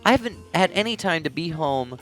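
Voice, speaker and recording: A man's voice: on the high side, expressive, fairly quick, a bit bright, faint music behind. A man co-hosting a stream, chatting casually and joking in a rambling way. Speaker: streamer co-host. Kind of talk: casual chat.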